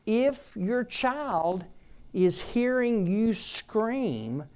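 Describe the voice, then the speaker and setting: Lively-pitched preacher man. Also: drawn-out words, clean tone. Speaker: pastor. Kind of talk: sermon.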